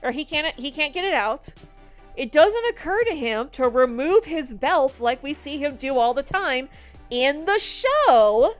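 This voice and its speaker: A woman giving casual movie commentary in an animated, exasperated, rambling way. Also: high-pitched, measured pace, faint music behind. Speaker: video commentator.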